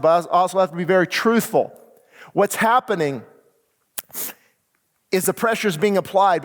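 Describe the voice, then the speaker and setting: An American pastor preaches with urgent, emphatic conviction, his voice sitting high for a man. The sermon rings with a long reverb, as if from a church hall. He presses his points hard and builds toward pleading prayer. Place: church sanctuary.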